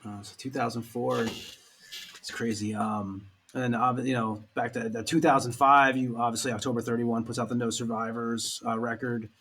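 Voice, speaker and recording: A man's voice: medium pitch, level tone, normal speed, a bit bright, slight background noise. A man hosting a casual podcast interview, asking questions in a hesitant way with many fillers. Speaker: podcast host.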